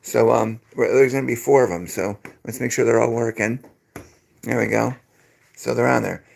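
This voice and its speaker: A man co-hosts a live ghost-hunting stream from a basement, walking the viewers through his gear in a folksy, easygoing way. His voice has a gravelly rasp to it. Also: mid-range voice, steady tone, moderate pace. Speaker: paranormal investigator livestream host. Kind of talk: casual live-stream chat. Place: indoors, basement with a pool table.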